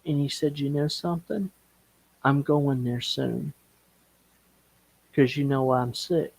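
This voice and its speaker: A man on a live stream call, telling a personal story slowly and with feeling. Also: medium pitch, gravelly, darkish tone, dry recording. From Okeechobee, Florida. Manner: slow, emotional storytelling, breaks into singing gospel and country songs. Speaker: guest.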